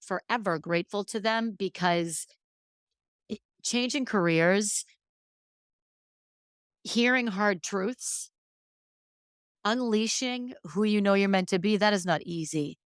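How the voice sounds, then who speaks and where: Earnest woman podcast host, smooth voice. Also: medium pitch, takes it slowly, pauses often, no room sound, studio quality. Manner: earnest and emphatic, emotional at times. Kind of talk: solo podcast talk.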